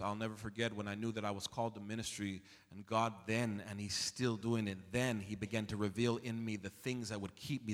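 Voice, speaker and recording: A man pastor preaching an expository sermon with passion, swinging from low confiding tones to near-shouts and calling on the congregation to answer back. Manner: calls out to the congregation for responses. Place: church sanctuary. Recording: long hall reverb in a church.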